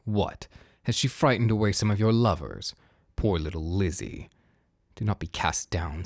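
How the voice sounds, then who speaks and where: A man's voice: low voice, no echo. A man reading a dry, teasing older father in a storybook. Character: wry, sardonic older gentleman, a father.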